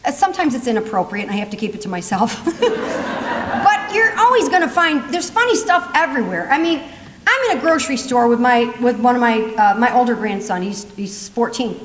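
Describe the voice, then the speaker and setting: High-voiced woman speaker in an echoing hall. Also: a little fast, slight background noise. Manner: lively, laughing, chatty. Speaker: motivational humor speaker. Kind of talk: comedic storytelling talk. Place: large conference hall. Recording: long reverb in a conference hall.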